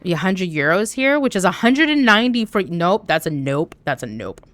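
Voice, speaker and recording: A young woman from Canada chatting casually on a live stream while gaming, talking to her chat with an animated, swearing manner. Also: lowish voice, moderate pace, dry recording. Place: home room.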